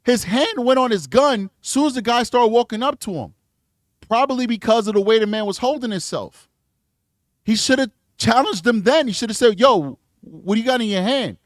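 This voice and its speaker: A man's voice: very high-pitched, normal speed, no room sound, studio quality. A man giving blunt, emphatic commentary on a true crime video, talking back to the clips he plays. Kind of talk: casual reaction commentary.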